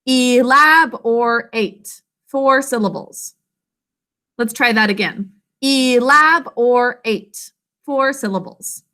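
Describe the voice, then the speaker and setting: A woman's voice: on the high side, a bit bright. A woman teaching an online literacy lesson over a video call, sounding words out carefully syllable by syllable. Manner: slow, careful syllable-by-syllable enunciation.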